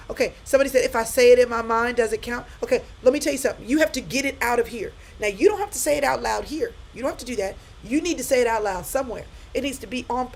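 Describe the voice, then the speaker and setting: A woman's voice: on the high side, a little hiss or hum, low-quality recording. Emphatic woman, live-stream pep talk. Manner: warm, emphatic, repeats phrases, speaks directly to viewers. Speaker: speaker encouraging viewers in a live stream.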